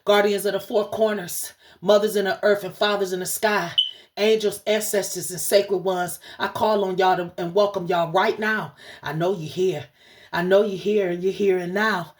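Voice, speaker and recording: A woman's voice: medium pitch, steady tone, normal speed. A woman running a livestreamed spiritual message as channel host, speaking fervently and preacherly, cursing often and talking straight to her audience. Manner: addresses the audience directly and repeatedly.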